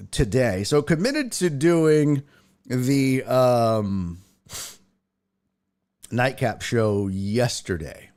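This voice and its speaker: Man, sports talk host, casual, animated, profane, tangent-hopping, medium pitch. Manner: animated, profane, jumps between tangents with quick asides. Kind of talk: casual chat.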